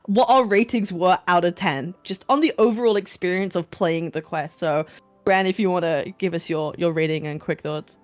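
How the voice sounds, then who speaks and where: A woman's voice: mid-range voice, dry recording. A woman hosting a podcast, upbeat and giggly as she introduces guests and moderates. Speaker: podcast host.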